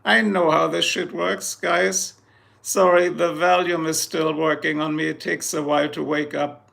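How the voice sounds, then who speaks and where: A man's voice: fairly high pitch, little pitch movement, unhurried, creaky, a bit bright. A man chatting casually on a live stream, boastful and joking, rambling from one thing to the next. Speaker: livestreamer.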